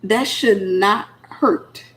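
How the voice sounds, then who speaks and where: A middle-aged minister addresses single women in a sassy, blunt, informal sermon, voicing the people she quotes. Her mid-range voice is a bit bright, and she draws out her words.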